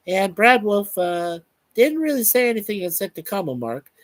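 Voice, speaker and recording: A man's voice: high-pitched, sing-song, moderate pace, no room sound. A man hosting a casual live stream, reading out viewer comments in a chatty, upbeat way. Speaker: show host.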